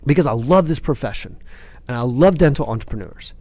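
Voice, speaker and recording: A man in passionate podcast talk, fired up and emphatic, ranting with quick restarts. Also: medium pitch, expressive, dark tone, dry recording. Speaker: company CEO, podcast guest expert.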